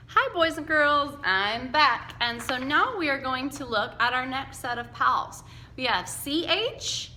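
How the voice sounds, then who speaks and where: A woman teacher leads young children through a phonics lesson, sounding out each letter and chunk slowly so they can say it with her. Her voice is bright and a little high, and she talks at an unhurried pace. The recording has a roomy echo with a faint hum of ambience. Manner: slow, patient, sounds out letters and chunks for kids to repeat. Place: classroom with whiteboard.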